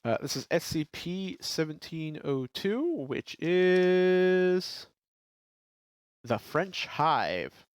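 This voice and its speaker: A man with a congested, stuffy voice co-hosts a podcast from his apartment, joking around and reading reports aloud with a few restarts. His voice sits a bit high and moves a lot. The sound is close and dry. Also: lively intonation, extremely slow, clear, resonant tone, no room sound. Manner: joking, reads documents aloud with stumbles and restarts. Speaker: podcast co-host. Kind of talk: casual chat and reading aloud.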